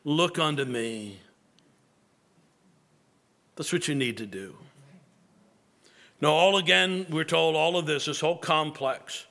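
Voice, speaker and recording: A male pastor preaching with a fervent, emphatic delivery. His voice is sharp and forceful, sitting a little higher than most men's. He often doubles words as he drives a point home. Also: measured pace, gravelly, pauses often. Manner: emphatic, repeats words when building a point. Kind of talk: sermon.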